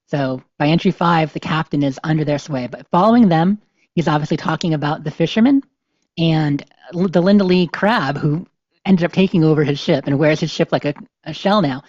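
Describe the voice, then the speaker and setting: A woman's voice: deep voice, moderate pace, a little mellow, no room sound. A woman hosting a podcast in casual, rambling chat with many fillers, at times reading game notes aloud. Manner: rambling, lots of "you know" fillers. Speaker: podcast host. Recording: slightly dull, dry lo-fi sound.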